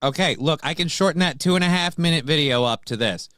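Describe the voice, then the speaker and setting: A man's voice: on the high side, lively intonation, quick pace, pushed and bright, smooth, no echo, clean studio sound, faint music behind. A man hosting a morning talk show, chatting casually in a blunt, profane, joking way. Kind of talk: casual chat.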